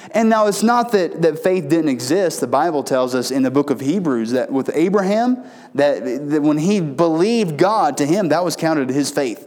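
A man preaching a sermon in a folksy storytelling way, often restarting his phrases and rising in pitch for emphasis. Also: a little mellow. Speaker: pastor.

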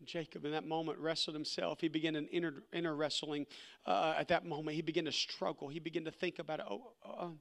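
A man preaching a sermon with a high voice. He is impassioned and repeats words as he acts out the dialogue of the story. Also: flat delivery, fast, vocal fry, fairly bright tone.

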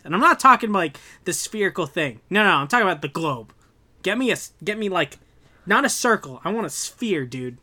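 A young man talks in a casual podcast chat with a bright, forceful voice that sits a little high. He rants with animated energy and swears freely. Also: a little fast. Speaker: podcast co-host.

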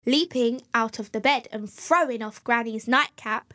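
A woman reading a children's fairy tale aloud as storyteller, gentle and clear. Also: on the high side, unhurried.

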